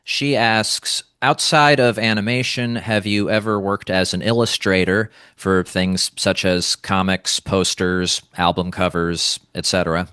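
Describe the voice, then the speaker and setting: A man hosting an interview, calmly reading out a viewer's question. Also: deep voice, unhurried, hardly any pauses, clear, resonant tone, no room sound, studio quality. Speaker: interview host.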